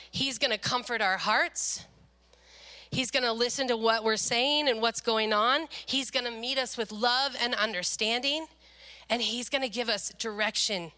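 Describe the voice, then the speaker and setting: A middle-aged woman preaching a sermon, telling a personal story in an animated, expressive way. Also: on the high side.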